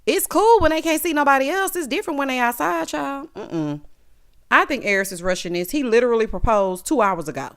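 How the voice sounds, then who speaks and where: A woman's voice: high voice, animated, a little fast, fairly bright tone, clean tone. A woman giving a casual, sassy recap of a reality show, talking straight to her viewers.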